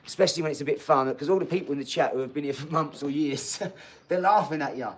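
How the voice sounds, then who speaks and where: This fast-talking man in his forties has a fairly high, slightly raised voice. Speaking bluntly and with emphasis to his livestream chat, he swears freely and laughs a lot while responding to viewer comments.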